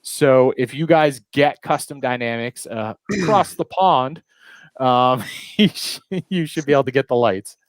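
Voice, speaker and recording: A man's voice: mid-range voice, measured pace, dry recording. A man hosting a live stream, chatting casually with lots of fillers and small chuckles. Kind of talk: casual chat.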